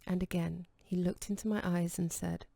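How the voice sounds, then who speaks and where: Low, gravelly woman narrating an audiobook. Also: little pitch movement, moderate pace, mellow, no room sound, clean studio sound. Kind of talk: scripted narration.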